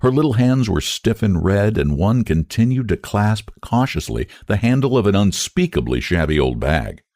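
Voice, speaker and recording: A man narrates a classic short story in a very low, gravelly voice. He reads in a measured but expressive way, with a wide, lively pitch range. He is close to the mic in a dry room. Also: dry recording.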